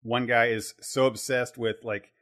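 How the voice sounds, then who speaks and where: A man's voice: mid-range voice, level tone, measured pace, a bit bright. Rambling man thinking aloud about a film. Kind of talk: casual film discussion podcast.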